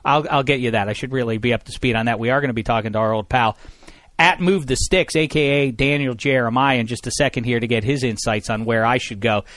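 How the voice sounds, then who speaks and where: A man's voice: medium pitch, quick pace, fairly bright tone, no room sound. A man hosting a casual studio podcast, jokey and playful as he introduces guests. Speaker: podcast host.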